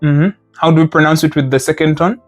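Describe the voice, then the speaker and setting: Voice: medium pitch, little pitch movement, fast, soft background music. A Mandarin teacher leading a live group lesson, patiently correcting students and explaining with playful imagery. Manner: models sounds, then explains with playful imagery.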